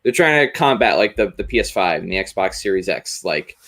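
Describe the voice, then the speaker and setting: Low-voiced man, rambling thoughtfully. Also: sing-song, a little fast, fairly bright tone. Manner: thoughtful, rambling, with many fillers like "like" and "you know". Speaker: podcast host. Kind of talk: casual chat.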